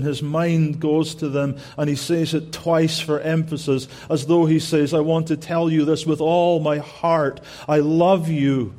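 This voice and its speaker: A man's voice: fairly high pitch, darkish tone. A man preaching an expository sermon, talking earnestly and repeating phrases for emphasis, with frequent restarts.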